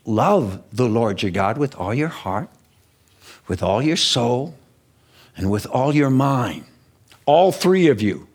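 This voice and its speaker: A man preaching a sermon in an animated, emphatic way, stretching key words out slowly for weight. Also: medium pitch.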